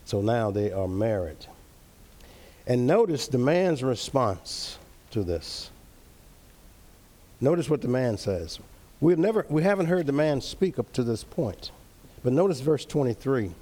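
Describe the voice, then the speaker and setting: A man leading an interactive Bible study, teaching earnestly, repeating key phrases and reading verses slowly. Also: mid-range voice, very animated, dark tone.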